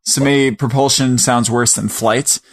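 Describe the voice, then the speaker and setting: A man's voice: medium pitch, steady tone. A man from Minnesota co-hosting a podcast, joking and teasing in casual chat. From Minnesota, USA. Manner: joking, teasing, quick reactions. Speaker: podcast co-host.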